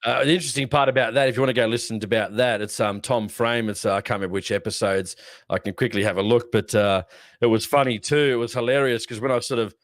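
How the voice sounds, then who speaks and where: A man's voice: medium pitch, fairly even intonation, fast, dry recording. An Australian man talks through a casual live-stream chat in a loose, rambling way, stopping and restarting with plenty of fillers and the odd curse. His voice sits in the middle of the male range. It is recorded close and dry, with no room sound at all. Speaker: podcast host.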